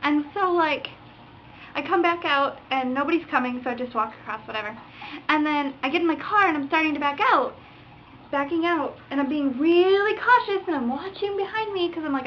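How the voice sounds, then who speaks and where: High-pitched young woman ranting animatedly. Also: brisk. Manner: animated, acts out drivers with sound effects and curses. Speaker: vlogger. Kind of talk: casual storytelling rant. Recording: dull lo-fi webcam audio with faint noise.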